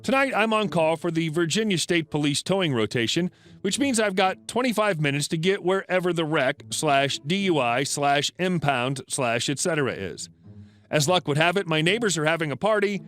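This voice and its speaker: A man's voice: a little high, a bit bright. A man narrating a story in a dry, matter-of-fact scripted reading.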